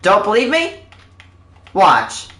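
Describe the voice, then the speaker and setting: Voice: mid-range voice, wildly swooping pitch, slow pace, a bit bright, echoey room. A live streamer chatting casually to viewers while opening loot, in a hyped game-show-host manner.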